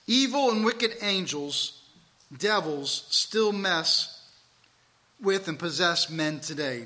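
High, bright-voiced male preacher. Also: lively intonation, slow pace. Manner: emphatic, swings between loud and soft. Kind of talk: sermon with scripture reading.

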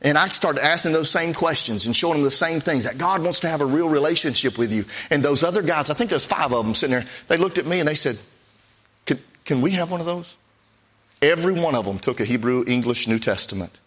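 A man preaching a sermon in a conversational, storytelling way, his pitch swinging up and down as he recounts events. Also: fairly bright tone, husky. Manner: conversational, pitch swings up and down while telling stories.

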